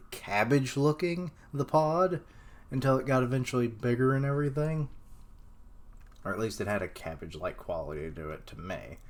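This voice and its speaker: A man reading a comic aloud on a live stream, reacting and joking between panels and slipping into character voices. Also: medium pitch. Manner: slow, chatty, slips into character voices and laughs at himself. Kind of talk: live comic read-along with commentary.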